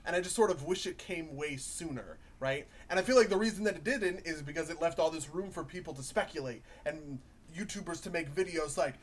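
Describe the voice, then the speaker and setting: Man, somewhat high voice, animated, casual podcast chat, swears freely. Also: fairly quick, few pauses. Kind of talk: casual chat about video games.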